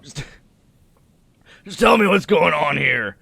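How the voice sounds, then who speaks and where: A man's voice: medium pitch, a little fast, gravelly, pushed and bright, no room sound. A man voicing an angry, baffled man who answers a prank phone call. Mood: indignant.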